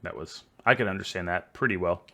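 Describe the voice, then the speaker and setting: A man's voice: low-pitched, brisk, sharp tone. A man with a Texan accent, casually reacting to video clips, chatty and often laughing. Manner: chatty, laughing, stumbling over words.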